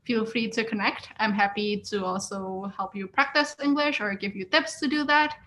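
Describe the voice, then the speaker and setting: A woman's voice: medium pitch, moderate pace, pushed and bright, slight background noise. A woman giving an encouraging webinar talk as guest speaker, reading out and answering audience responses. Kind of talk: webinar presentation.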